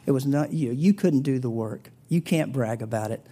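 A man preaching a sermon, telling a story with big swings in pitch and loudness and dropping to a breathy whisper at tender points. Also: moderate pace. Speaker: pastor.

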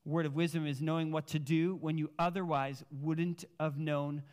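A man preaching a sermon as a pastor, telling personal stories in an animated, casual way with plenty of filler words. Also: on the high side, normal speed, clean tone.

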